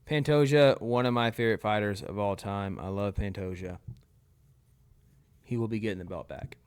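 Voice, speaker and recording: Blunt, opinionated young man, low smooth voice. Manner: blunt, opinionated, quick verdicts. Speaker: tier list video host. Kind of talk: casual commentary.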